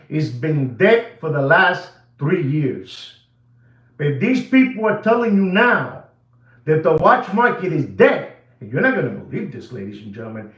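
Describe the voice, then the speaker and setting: Male vlog host, animated ranting commentary, lively voice swinging up and down, slightly high, roomy echo. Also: dull audio. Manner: repetitive, emphatic, addresses viewers directly. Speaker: watch channel host. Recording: echoey room.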